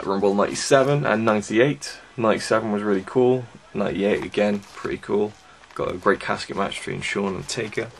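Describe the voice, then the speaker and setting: A man's voice: fairly low pitch, vocal fry, fairly bright tone, slight background noise. A young man giving a casual, chatty review of wrestling DVDs, enthusiastic and full of fillers. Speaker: DVD reviewer.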